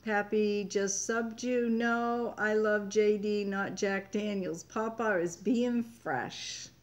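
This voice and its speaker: A woman's voice: medium pitch, steady tone, slow pace. An older woman from Maine hosting a casual live-stream chat, reading viewers' comments aloud in a chatty way. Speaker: homestead channel host.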